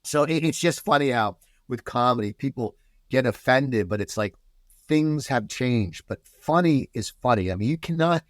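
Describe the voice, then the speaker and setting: Animated American man telling stories. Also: medium pitch, normal speed, dry recording, clean studio sound. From United States. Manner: animated storyteller, many restarts. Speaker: podcast guest. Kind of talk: casual podcast chat.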